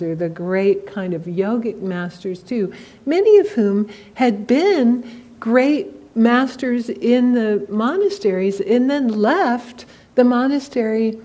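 Female Buddhist teacher, soft warm timbre, relaxed conversational delivery with lots of asides. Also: mid-range voice. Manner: conversational, frequent "you know" asides. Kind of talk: informal dharma talk.

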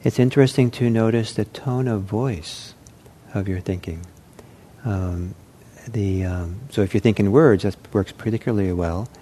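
A man giving an unscripted meditation talk, speaking in a gentle, reflective way with frequent pauses and restarts. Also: fairly low pitch, a little hiss or hum. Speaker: meditation teacher.

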